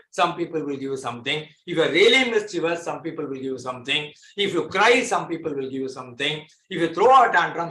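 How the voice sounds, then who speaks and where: A man lectures a class in a bright, forceful voice that sits a little high. He explains with homely examples and drives points home by repeating phrases. The sound is echoey, as in a bare room.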